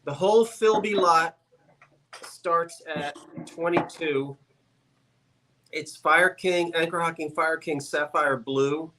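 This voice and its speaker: Male co-seller, slightly high voice, playful chatty live-sale pitch. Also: slow pace, sharp tone, a little hiss or hum. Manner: chatty, joking sales patter.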